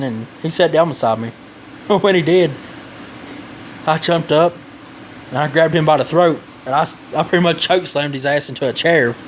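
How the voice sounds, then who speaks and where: A man's voice: on the high side, slight background noise, rough recording. A man giving blunt advice in a casual vlog, rambling and swearing freely.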